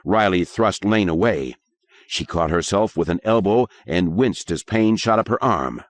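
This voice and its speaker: A man narrating an audiobook in a measured, expressive way. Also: deep voice. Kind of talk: scripted narration.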